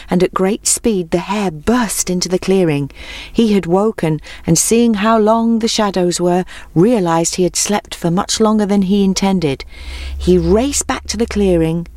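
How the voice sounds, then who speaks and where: Female storybook narrator, lowish voice, measured and clear, dry booth sound. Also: a little mellow, dry recording.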